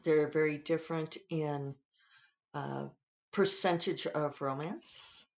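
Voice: mid-range voice, fairly even intonation, slow pace, gravelly. An author hosting a podcast, speaking in a Western US drawl, candid and digressive, swearing freely. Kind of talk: casual podcast talk.

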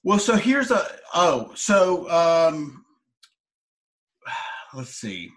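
A man hosting a podcast, asking questions and telling stories in a hesitant, halting way with many fillers. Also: fairly high pitch, big pitch swings, fairly bright tone. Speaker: podcast host. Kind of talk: casual interview talk.

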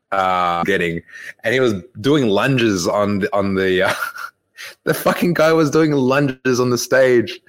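A man's voice: on the low side, a bit bright. A young man, a fitness coach telling a rambling, profane story in casual podcast talk. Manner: rambling, profane, laughs often.

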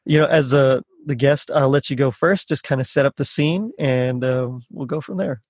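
A man's voice: medium pitch, moderate pace, darkish tone, slightly rough, no room sound, studio quality. A man hosting a casual podcast interview, chatty and laughing often, with many restarts. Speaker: podcast host.

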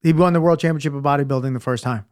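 Higher-voiced man telling stories casually. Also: very fast. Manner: animated storyteller, laughs easily. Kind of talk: casual chat.

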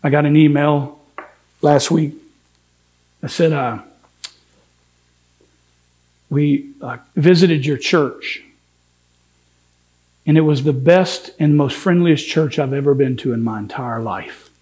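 Slow, earnest pastor preaching. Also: male voice, a little high, a little mellow. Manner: earnest preaching with rising and falling emphasis; acts out quoted speech of biblical figures. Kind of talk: sermon.

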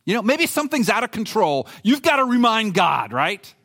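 Animated man preaching a sermon. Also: moderate pace. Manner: animated, conversational preaching with swings in pitch; reads scripture with emphasis. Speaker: pastor.

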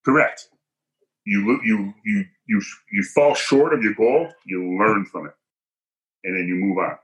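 A man tells a personal story as a podcast guest, hitting his points hard and acting out the voices of people he quotes. His voice sits a little low and has a bright, forceful edge. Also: unhurried, poor audio. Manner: emphatic, punchy, acts out quoted dialogue.

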